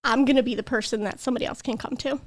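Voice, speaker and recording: Young woman, podcast guest, earnest storytelling, fairly high voice. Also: fairly even intonation, rapid-fire. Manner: earnest, emotional, tearful at times. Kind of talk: personal storytelling.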